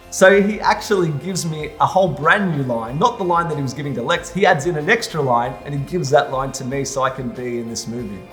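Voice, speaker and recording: A young adult man telling a personal story in an animated monologue, acting out the other people's lines. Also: a little high, quick pace, faint music behind. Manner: animated, re-enacts scenes with lively quoted voices. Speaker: vlogger.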